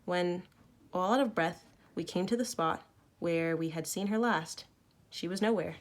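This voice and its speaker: Woman teacher reading a story aloud, low voice. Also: measured pace. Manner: expressive, with small self-corrections. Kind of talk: reading a novel aloud to students. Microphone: recorded at home for online learning.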